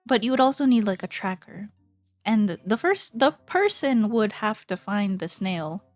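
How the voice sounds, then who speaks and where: A woman streamer chats with her viewers in a relaxed, unhurried way, her voice sitting a little high. She rambles playfully, laughs often and swears offhand. Soft music plays faintly behind her in a dry, close setting. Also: dry recording. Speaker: streamer chatting while drawing. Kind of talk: casual chat with live chat.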